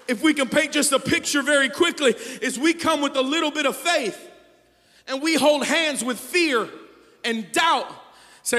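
A man preaching as a pastor, moving between quiet storytelling and shouted, fervent exhortation. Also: extremely high pitch, normal speed, long reverb tail. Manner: swings from hushed storytelling to shouting fervor. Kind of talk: sermon. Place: church sanctuary.

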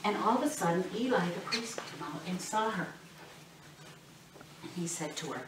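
A woman teaching children, telling a Bible story in an animated, expressive way and asking the kids questions. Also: lowish voice, normal speed. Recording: roomy, distant mic, faint noise.

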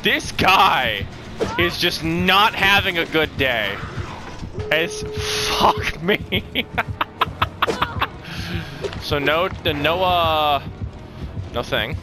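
A man giving live gameplay commentary who swears a lot and swings from low mumbles to loud shouts. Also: lively intonation, extremely slow, long pauses, over music. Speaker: gaming streamer.

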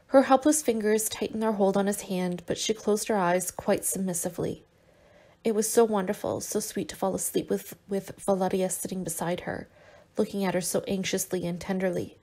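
A woman reading a novel aloud as an audiobook, in measured, unhurried phrases. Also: mid-range voice, steady tone, warm tone. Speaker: audiobook reader.

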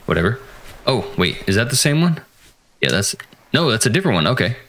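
A man's voice: mid-range voice, sing-song, fairly quick, a bit bright. A man casually commentating a horror game, joking and talking to the characters. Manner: jokey, playful, talks to the game characters. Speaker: gaming channel host.

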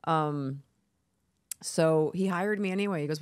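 A woman's voice: sits low, a little slow, long pauses, smooth, no echo. A woman, a podcast guest telling stories in a brash, profane way and acting out the people she quotes. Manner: brash, profane storytelling with lively voiced quotes. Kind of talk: casual podcast interview.

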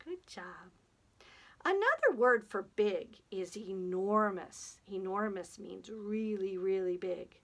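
Woman children's librarian, storytime rhymes, very slow and playful. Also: mid-range voice, a bit bright. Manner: slow, sing-song and playful, drawing out words for small children.

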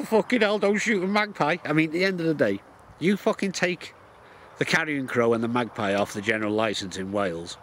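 A man's voice: medium pitch, a little hiss or hum. Angry swearing man ranting outdoors. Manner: swears constantly, heated and blunt. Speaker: shooting and countryside vlogger. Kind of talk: profane angry rant to camera.

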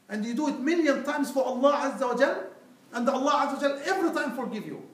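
High-voiced preacher in an echoey mosque. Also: male voice, lively intonation, brisk. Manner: earnest, pleading, addresses listeners as brother. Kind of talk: Friday sermon. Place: mosque prayer hall. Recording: echoey hall, mic far off.

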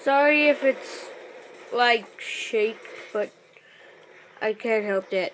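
A woman giving live commentary over her own gameplay, excitable and bursting into loud exclamations, recorded on a phone. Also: a little high, takes it slowly, a little hiss or hum.

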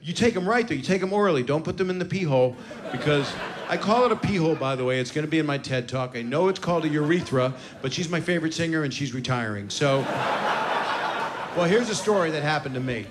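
A man's voice: fairly high pitch, lively intonation, fast talker. A man in his sixties doing a brash, profane stand-up set, teasing the crowd between stories on a stage mic. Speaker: stand-up comedian. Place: comedy club stage before a live audience. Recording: noisy live club recording.

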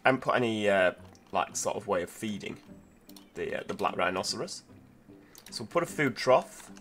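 A man giving casual, chatty commentary while playing a zoo-building game, thinking aloud with lots of fillers, over quiet background music. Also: lowish voice. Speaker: gameplay video host. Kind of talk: casual let's-play commentary.

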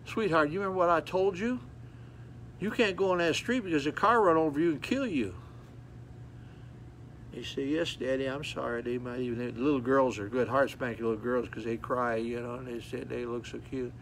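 A man preaching a sermon, folksy and repetitive, telling stories with animated acted-out moments. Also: mid-range voice, brisk, slight background noise.

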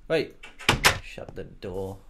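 A man talks through his gameplay at an unhurried pace, joking and muttering to himself. His pitch swings widely from low grumbles to high squeaks. A steady hiss of noise and keyboard clicks sits underneath. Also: vocal fry. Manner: joking, rambling, talks to himself, makes silly sound effects. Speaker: let's play gamer. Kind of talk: casual gameplay commentary.

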